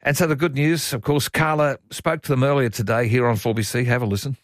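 A man's voice: medium pitch, steady tone, quick pace, background noise. A man with an Australian accent hosting a radio show, in jokey, teasing banter. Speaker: radio host. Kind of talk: casual radio chat.

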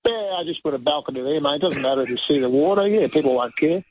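A man's voice: fairly high pitch, rapid-fire, a little mellow, slightly rough. A man putting on the voice of a careless, laid-back apartment builder with an offhand drawl. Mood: dismissive. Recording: muffled phone line.

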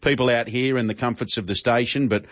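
A man's voice: medium pitch, fairly even intonation, quick pace, no room sound, highs cut off. A man hosting talk radio, friendly and chatty. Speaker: radio host. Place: outdoors at a police station.

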